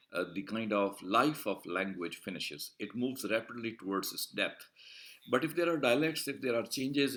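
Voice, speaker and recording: Male lecturer, low voice, methodical explainer, repeats himself with hesitations. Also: a bit bright. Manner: deliberate, explanatory, repeats and rephrases points; frequent filler "uh" and restarts. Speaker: university lecturer. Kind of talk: recorded video lecture.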